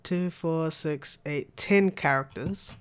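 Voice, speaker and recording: Young male podcast co-host, chatty and rambling, light higher voice. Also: slow, clean tone. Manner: rambling, chatty, laughs often. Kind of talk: casual gaming chat.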